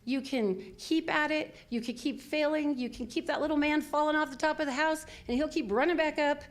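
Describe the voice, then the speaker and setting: A woman's voice: sits high, brisk. An older woman minister giving a conversational, self-deprecating sermon, full of fillers and small laughs. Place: church sanctuary.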